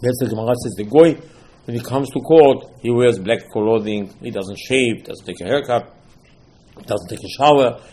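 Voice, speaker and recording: This man's voice is a little mellow and sits at medium pitch. Teaching Torah in a sermon, he stresses his words, repeats phrases, quotes texts as dialogue and uses non-native English phrasing.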